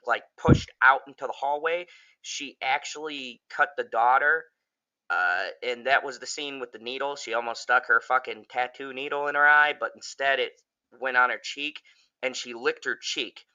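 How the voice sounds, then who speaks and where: Man, casual movie review, bright voice, swearing constantly, excitable rambling. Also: moderate pace, dull audio. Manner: jumps high when quoting characters.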